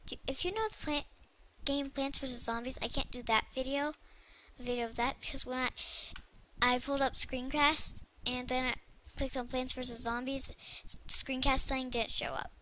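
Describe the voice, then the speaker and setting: A young female gaming video creator chatting excitably to herself while she plays. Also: high voice, moderate pace, slight background noise. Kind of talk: casual gameplay commentary.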